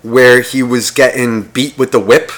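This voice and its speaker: This podcast co-host keeps his intonation fairly even and his pace measured, his voice slightly bright. Still, his casual storytelling is crude and meandering, loaded with swearing and high-voiced impressions of other people.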